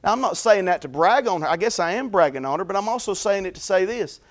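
A man preaching a fervent sermon, moving between quiet folksy stories and loud repeated calls of blessing. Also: high voice, expressive, fast.

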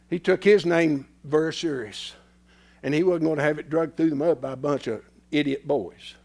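A man preaching a sermon, swinging from loud declarations to hushed, near-whispered lines. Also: a little high, normal speed, gravelly.

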